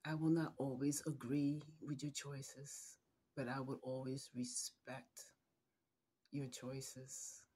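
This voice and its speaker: A middle-aged woman giving a heartfelt video message to her adult son, holding back tears and speaking tenderly and haltingly, sometimes dropping to a whisper. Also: rumbling low, flat delivery, warm tone, slightly rough.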